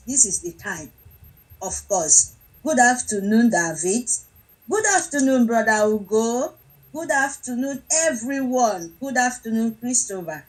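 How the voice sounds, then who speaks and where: A woman's voice: fairly high pitch, expressive, measured pace, rough recording. A woman from Nigeria taking part in an online group audio chat, effusively greeting people one by one. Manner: effusive, greets many by name. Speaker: participant in an online audio space.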